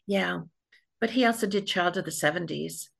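A woman from New York hosts a casual podcast chat with a gravelly, creaky edge to her voice. She tells stories in a chatty way and breaks into laughter often. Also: lowish voice, normal speed. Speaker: podcast host.

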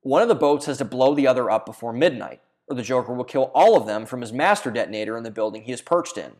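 A man narrating a scripted video essay in an earnest reading manner, now and then stumbling and restarting a phrase. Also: mid-range voice.

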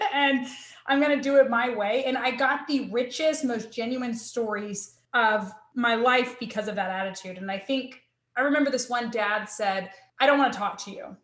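Guest spot: earnest female academic, a bit high-voiced, roomy echo on the recording. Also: moderate pace, fairly bright tone. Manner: earnest, emotional, with many restarts. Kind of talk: candid personal storytelling.

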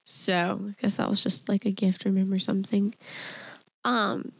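Casting: young woman, gravelly fry, dry close sound, casual rambling storyteller. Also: mid-range voice, flat delivery, normal speed, dry recording. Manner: rambling storytelling with many fillers. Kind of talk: casual chat.

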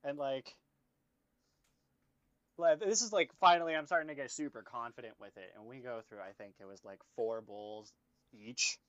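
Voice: mid-range voice, moderate pace, long pauses, no room sound. Casual storyteller, swears freely and rambles; dull, dry lo-fi mic. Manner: rambling, profane storytelling full of "like". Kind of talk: casual chat.

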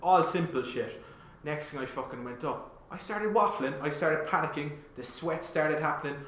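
A young Irish man telling stories in casual chat, animated and swearing often, with plenty of "like" fillers. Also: a little high, normal speed. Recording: roomy echo.

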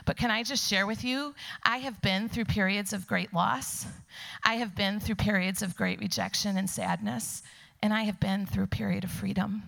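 A woman giving a personal testimony to a church congregation, telling her story with animation and dropping into soft whispers for emphasis. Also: mid-range voice, steady tone, moderate pace, creaky. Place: church sanctuary before a congregation.

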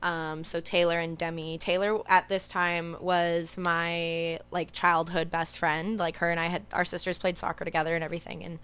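A young woman, telling stories fast and swearing freely as a podcast guest over a video call. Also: fairly low pitch, little pitch movement, a bit bright, clean tone. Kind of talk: casual storytelling chat.

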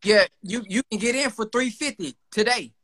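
A man's voice: sits high, moderate pace, fairly bright tone, no echo. A man hosting a casual livestream, talking in a loose, joking, slangy way to callers. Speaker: livestream host selling an online course. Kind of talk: casual live-stream chat.

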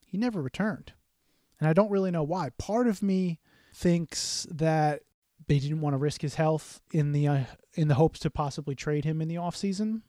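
Higher-voiced man in casual sports chat. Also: normal speed, no room sound, clean studio sound. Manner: relaxed, hesitant, with fillers and laughs. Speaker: podcast co-host.

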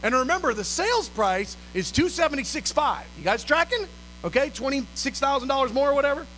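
A man preaching, telling a story in an animated way and acting out the voices of the people in it. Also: very high-pitched, fairly quick, slight background noise, poor audio. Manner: animated, acts out dialogue and sometimes shouts. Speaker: pastor. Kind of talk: storytelling sermon.

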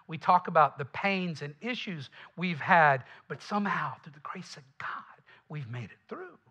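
A man with a Southern accent preaches to his congregation in a loose, conversational way, tossing asides to the room. His voice sits a little high and rings bright and forceful. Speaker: pastor. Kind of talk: sermon.

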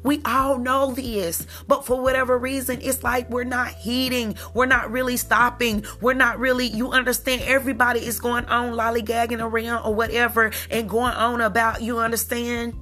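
A woman hosting a faith podcast, preaching in an animated style with many rhetorical questions, swinging between loud and hushed. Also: fairly high pitch, normal speed, few pauses, faint music behind. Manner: animated, preachy, frequent rhetorical "you understand?". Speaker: podcast host.

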